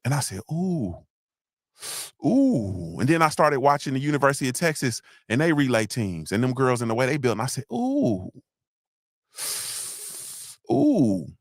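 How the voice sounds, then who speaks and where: Animated, profane podcast host man. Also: mid-range voice, racing, few pauses, no room sound, studio quality. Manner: animated, profane, rambling with restarts. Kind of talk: casual solo podcast talk.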